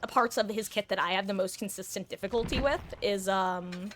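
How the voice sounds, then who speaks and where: A woman's voice: medium pitch, brisk, slight background noise. Chatty woman streamer rambling while gaming. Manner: chatty, rambling, animated with sudden shrieks. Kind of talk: casual live-stream chat while gaming.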